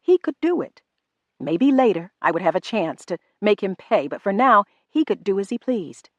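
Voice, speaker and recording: A woman reading a novel aloud in first person, measured and restrained. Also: medium pitch, sing-song, dry recording, lo-fi sound. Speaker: audiobook narrator. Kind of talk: first-person audiobook narration.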